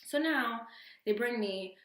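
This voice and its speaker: A young adult woman telling a storytime vlog with expressive, animated delivery and acted-out quotes. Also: on the high side, slow, echoey room. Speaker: vlogger.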